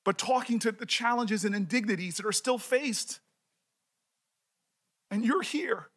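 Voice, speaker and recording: A senator speaking at a hearing, earnest and emotional, close to tears, with halting repeated words. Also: male voice, high-pitched, bright, forceful tone. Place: committee hearing room.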